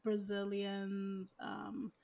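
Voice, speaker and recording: A woman's voice: mid-range voice, completely flat delivery, drawn-out words, creaky, dark tone. A woman chatting casually, rambling with lots of "like" and "you know". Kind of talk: casual chat.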